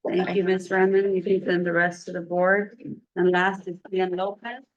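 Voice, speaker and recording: Low-voiced woman chairing a board meeting. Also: little pitch movement. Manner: polite, procedural, slow-paced. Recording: dull lo-fi stream audio.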